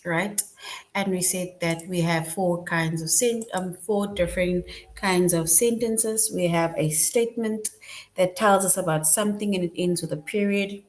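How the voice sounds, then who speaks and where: Woman teacher, low voice, very slow and patient, grade-school lesson. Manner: slow, patient, checks in with "right?".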